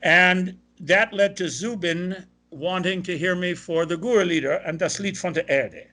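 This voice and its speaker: An older man from Ohio is telling stories in an interview. His voice is bright and sits a little high for a man. He talks in long anecdotes and quotes the people he met along the way. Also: measured pace. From Ohio, USA. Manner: animated anecdotal, quoting others. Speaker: guest, opera tenor. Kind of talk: interview storytelling.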